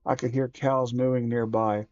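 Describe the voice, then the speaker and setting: A man reading a children's horror book aloud, slow and measured with small self-corrections. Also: mid-range voice, level tone, a little mellow, no echo, muffled recording.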